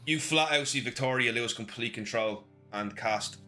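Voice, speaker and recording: A man running a tabletop game as game master, narrating and giving calm, matter-of-fact rulings. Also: medium pitch, moderate pace.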